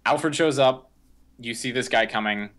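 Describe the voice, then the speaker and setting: A man's voice: medium pitch, unhurried, fairly bright tone. A young man co-hosting a podcast, recapping a film in a rambling, casual way with lots of fillers and restarts. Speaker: podcast co-host. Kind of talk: casual movie discussion.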